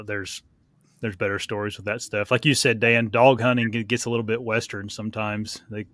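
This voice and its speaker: A young man with a bright, forceful voice tells a hunting story in a laid-back, rambling way, full of fillers. His voice comes across dry and close, with no room around it. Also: on the low side, no room sound. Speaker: podcast co-host. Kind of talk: casual storytelling chat.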